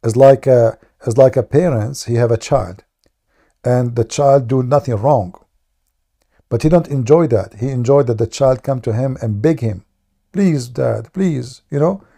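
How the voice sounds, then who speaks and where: Halting, mellow-voiced man debating. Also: medium pitch. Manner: halting, many restarts, then heated and forceful. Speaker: debate stream host. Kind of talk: live online debate.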